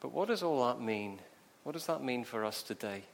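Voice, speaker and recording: A man's voice: medium pitch, animated, moderate pace, vocal fry, slight background noise. A man preaching a sermon, telling the story vividly and asking rhetorical questions.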